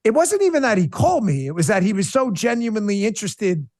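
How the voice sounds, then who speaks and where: A man as a guest in a podcast interview, telling an emotional story in an animated, blunt way, often stumbling and restarting. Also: high-pitched, fast, no echo, clean studio sound. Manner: blunt and combative.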